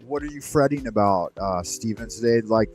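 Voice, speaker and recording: A man hosting a casual online voice chat, laid-back and mildly amused, trying to calm the others down. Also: fairly low pitch, moderate pace, music in the background. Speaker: host of a voice chat.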